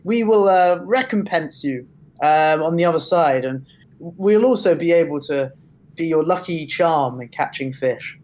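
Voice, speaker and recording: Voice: mid-range voice, expressive, a little slow, a little mellow. A tabletop game player who speaks hesitantly, with lots of fillers. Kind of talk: casual tabletop play.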